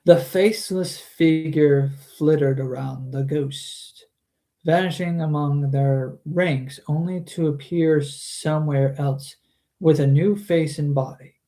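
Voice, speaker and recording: Unhurried man reading a book aloud. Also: fairly high pitch, fairly even intonation, dark tone. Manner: chatty, with frequent restarts. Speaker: book reader and streamer. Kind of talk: casual book reading with commentary.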